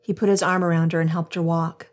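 A woman's voice: lowish voice, little pitch movement, fast talker. A woman hosting a devotional podcast, reading scripture and reflecting earnestly, addressing listeners as friends.

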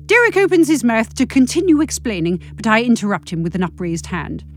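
A British woman reading a comic novel aloud in a wry, brisk, expressive way, with deadpan asides. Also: fairly high pitch, a little hiss or hum.

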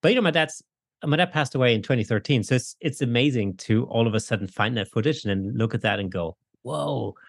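A man's voice: mid-range voice, quick pace, no echo, clean studio sound. A man in his forties in a casual podcast conversation, talking in a reflective, rambling way with many fillers.

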